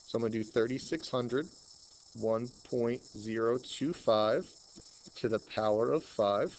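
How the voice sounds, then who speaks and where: A man with a Long Island accent teaching a math lesson, chatting and thinking out loud as he works through problems. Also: mid-range voice, measured pace, slight background noise, rough recording. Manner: chatty, thinks aloud while working problems. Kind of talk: screen-recorded math lesson.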